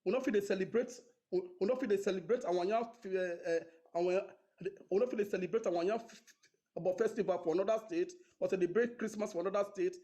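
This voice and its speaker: A man with a Nigerian accent calling in, halting and stammering, mixing in Pidgin. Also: high voice, dark tone. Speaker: caller.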